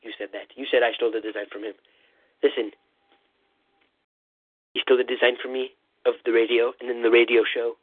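A man doing a comic impression of a rambling, boastful male president, calling in over a phone line with a husky voice. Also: mid-range voice, level tone, a little fast, long pauses, dry recording, natural voice. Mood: blustering. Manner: rambling, repetitive "listen", boastful bluster. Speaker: comedy caller. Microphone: phone call-in. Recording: tinny phone line, dry.

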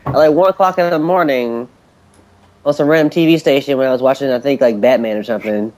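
A man's voice: mid-range voice, fast talker, darkish tone. A man co-hosting a comics podcast, chatting casually in a rambling, hesitant way. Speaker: podcast co-host. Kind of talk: casual chat.

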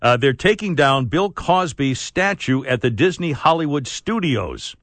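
A man hosting a talk radio show, telling rambling anecdotes with frequent laughter and mock outrage, clearing his throat now and then. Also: a little high, expressive, unhurried, fairly bright tone, dry recording. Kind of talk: casual talk radio banter. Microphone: studio broadcast mic.

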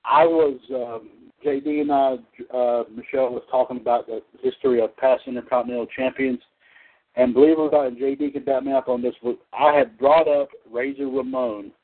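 A man's voice: medium pitch, steady tone, brisk. Chatty male host over tinny audio. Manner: chatty, repetitive, laughs easily. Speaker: podcast host. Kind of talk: casual chat show hosting.

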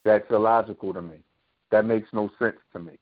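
A man's voice: fairly low pitch, steady tone, fairly quick. Tinny-sounding man ranting on a talk show. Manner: impassioned, preachy ranting with profanity; sarcastic rhetorical questions. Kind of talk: opinionated monologue.

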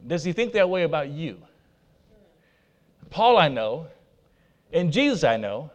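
A man preaching a sermon in a somewhat high voice, bold and emphatic. He drops into soft asides between his loud declarations and speaks straight to his congregation. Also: big pitch swings, a little slow, long pauses. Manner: laughs at himself, talks to the congregation. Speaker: pastor.

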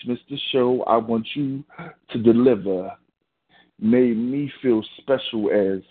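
Guy reciting sexy spoken word poetry real slow, phone line sound. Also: mid-range voice. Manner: slow, deliberate, sensual recital. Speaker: spoken-word poet and host.

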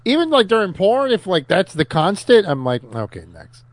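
A man's voice: sits high, big pitch swings, fairly quick, dry recording. A man co-hosting a podcast, chatting casually with blunt, crude quips. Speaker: podcast co-host. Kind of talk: casual chat.

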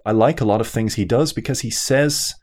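A man from Denmark, a podcast guest, talking in a casual chat, hesitant and measured with many ums. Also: medium pitch, a little mellow.

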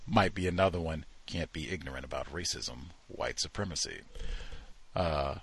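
A man's voice: very deep voice, normal speed, a bit bright, husky. A man hosting a talk show, giving incredulous, mocking commentary and acting out the people he quotes. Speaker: host.

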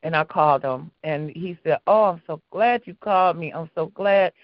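A woman's voice: fairly low pitch, moderate pace, dry recording. Woman caller, heartfelt church storytelling, dry close sound, muffled line. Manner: earnest, storytelling, repeats words. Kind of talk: call-in prayer request.

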